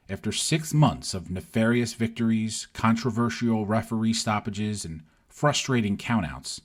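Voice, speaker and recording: A man narrating a scripted history podcast in a measured, wry storytelling manner. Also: lowish voice, slightly rough.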